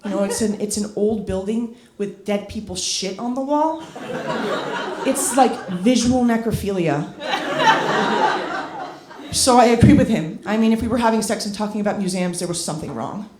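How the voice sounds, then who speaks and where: A young woman in her twenties doing a stand-up set, rambling and self-deprecating, swearing freely and jumping into loud acted asides. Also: mid-range voice, normal speed, heavy background noise. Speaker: stand-up comedian. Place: comedy club stage with a laughing audience. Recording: roomy club sound with crowd laughter.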